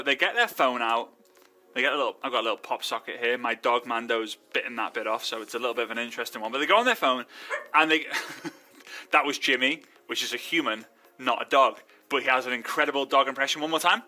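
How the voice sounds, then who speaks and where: A man's voice: medium pitch, pushed and bright. A man giving a casual training talk, chatty and rambling, often breaking off mid-sentence. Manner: chatty, rambling, self-interrupting. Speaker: network marketing trainer.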